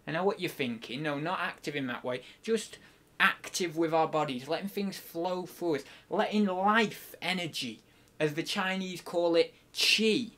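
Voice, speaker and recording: A man putting on a hushed, earnest fitness guru. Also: on the high side. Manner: soft, earnest, preachy pep talk.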